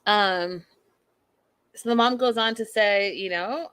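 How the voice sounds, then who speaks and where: A woman's voice: medium pitch, slow, pauses often, fairly bright tone, clear, resonant tone, dry recording. A woman hosting a casual live recap show, chatting and reading viewer comments with exasperation. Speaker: podcast host recapping a reality show.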